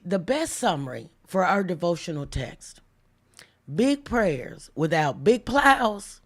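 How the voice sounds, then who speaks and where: A woman hosting a live devotional stream, talking casually with viewers and slowing down to stress key lines. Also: fairly low pitch. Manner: chatty, reads viewer comments aloud, slows down for emphatic lines. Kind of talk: casual livestream devotional preaching.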